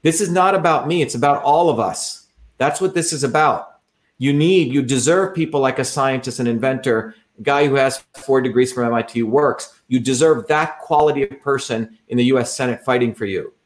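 A man's voice: medium pitch, moderate pace. A man who is a political candidate, giving a combative, repetitive campaign talk over a livestream.

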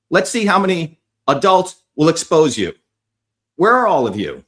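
Angry middle-aged male commentator, profane tirade at viewers, very animated pitch. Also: normal speed, pauses often. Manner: profane, shouting insults at commenters. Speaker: online commentator.

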